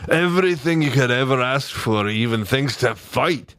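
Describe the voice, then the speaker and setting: A man's voice: medium pitch, lively intonation, moderate pace, a bit bright, no room sound, voice pushed up, natural voice. A man reading aloud as a rowdy male pixie leader with a Scottish accent, cheerful and boastful.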